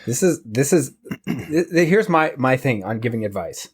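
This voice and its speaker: An earnest man co-hosts a casual podcast, speaking in an everyday middle-pitched voice. He drops swear words easily as he talks about giving advice. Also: lively intonation, moderate pace, breathy edge. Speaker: podcast co-host.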